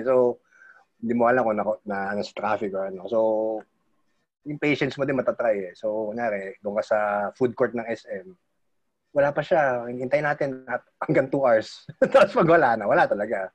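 A man's voice: mid-range voice, expressive, quick pace, slightly rough, muffled recording. A man chatting casually in a group, reminiscing loosely and laughing often.

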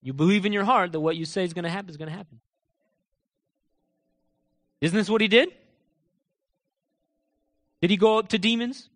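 A man preaching a sermon in a church, emphatic and full of rhetorical questions, sometimes dropping to quiet asides. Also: sits high, normal speed, pauses often. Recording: long reverb of a large hall.

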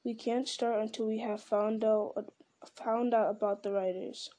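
A woman's voice: fairly high pitch, fairly even intonation, measured pace, mellow, close to an everyday voice. A woman reading a stern old wizard.

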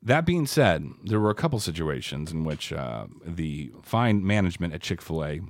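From the Austin, Texas area, this podcast co-host has a low, sing-song voice at a normal speed. He rambles through stories in casual conversation, adding wry asides, recorded dry with studio quality.

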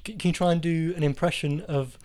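A man's voice: fairly high pitch, fairly even intonation, darkish tone. A man co-hosting a casual film podcast, teasing his co-host as he reads out quiz questions. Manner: teasing, quizzes his co-host with quick asides.

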